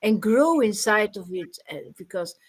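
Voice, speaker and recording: A woman's voice: medium pitch, animated, a little slow. A woman devotee speaking earnestly about her spiritual experience, with light laughs now and then. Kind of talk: informal devotional talk.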